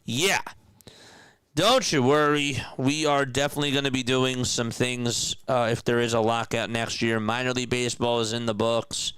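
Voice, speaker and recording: A young man streaming casual radio-style play-by-play, chatting with viewers in a relaxed way between calls. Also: medium pitch, normal speed, smooth, no room sound.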